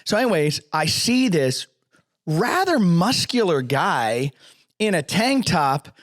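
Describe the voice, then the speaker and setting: A man hosting a casual podcast, telling a story with animated energy. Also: a little high, slow pace, no room sound, studio quality. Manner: animated storyteller, acts out quotes. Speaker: podcast host. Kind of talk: casual chat.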